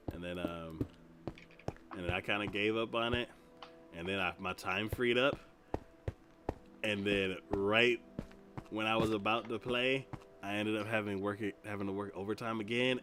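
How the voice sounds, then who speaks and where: A man with a somewhat low voice chats casually while he plays a game, telling stories and laughing often. Game music plays clearly under his voice. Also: unhurried, pauses often. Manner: animated storytelling with frequent laughter. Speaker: gaming podcast host. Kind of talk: casual chat while playing.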